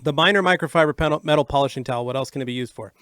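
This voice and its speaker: A man co-hosting a casual livestream Q&A, reading out viewer questions and explaining answers briskly and matter-of-factly. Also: fairly high pitch, fairly bright tone, clear, resonant tone, dry recording.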